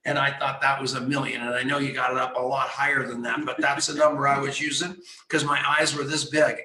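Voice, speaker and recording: A man hosting a radio talk show, telling an excited story with acted-out dialogue. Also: mid-range voice, a little fast, roomy sound, poor audio. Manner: excited, animated storyteller who acts out dialogue.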